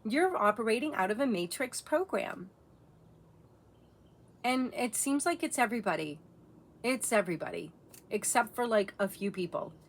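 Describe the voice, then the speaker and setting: A woman's voice: a little high, expressive, moderate pace, pauses often. A middle-aged woman vlogger talking in a blunt, profane, impassioned monologue rant.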